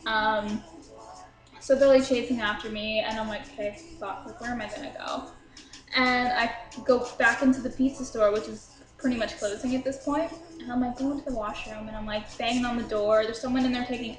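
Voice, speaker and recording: A woman's voice: fairly high pitch, steady tone, fairly quick, echoey room, over music, poor audio. A young woman casually telling a drunk story to her viewers, chatty and swearing freely, laughing at herself. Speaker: vlogger.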